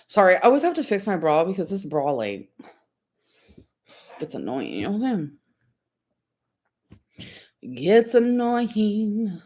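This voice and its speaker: A woman's voice: medium pitch, big pitch swings, a little slow, pauses often, a little mellow. Chatty, giggly young woman streamer. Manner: chatty, rambling, giggly, lots of "like" and "um". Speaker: livestreamer. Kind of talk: casual livestream chat.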